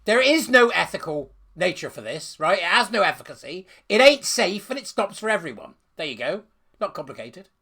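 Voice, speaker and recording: A man's voice: high voice, very animated, fairly quick, pushed and bright, slightly rough. A man giving scornful, sarcastic ranting commentary while reading out a letter.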